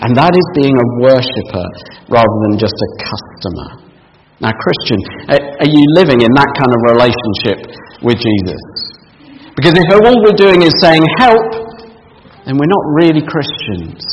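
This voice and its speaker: Lively man preaching in a hall. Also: medium pitch, moderate pace, slight background noise. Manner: animated, leads call-and-response with children. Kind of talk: family church sermon. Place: church hall.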